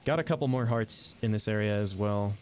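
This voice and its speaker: A man giving live gameplay commentary, thinking aloud in a relaxed way with some mild swearing. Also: lowish voice, a little fast, a little hiss or hum. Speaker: game streamer.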